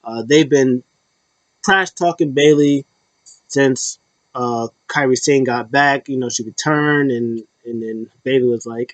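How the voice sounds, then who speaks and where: A man's voice: medium pitch, a little slow, dry recording. A man hosting a casual solo recap, rambling loosely with restarts and fillers. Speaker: wrestling show host. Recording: dull lo-fi dry recording.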